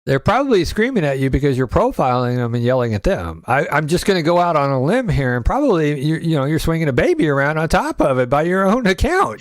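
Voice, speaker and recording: A man's voice: fairly high pitch, very animated, fast, hardly any pauses, no echo. A man hosting a casual show, reacting to a played clip with sarcastic, joking commentary. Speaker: podcast host.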